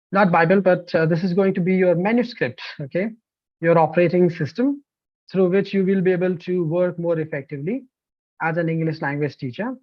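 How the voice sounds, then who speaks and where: A man, a language-teaching trainer, presenting an online course in an animated, emphatic way with frequent fillers. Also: high voice, no echo, highs cut off. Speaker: TEFL trainer.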